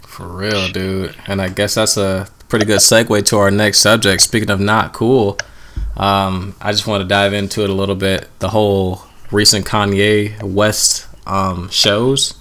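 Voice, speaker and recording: A man co-hosting a casual podcast, speaking in a calm, unhurried way. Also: lowish voice. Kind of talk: casual chat.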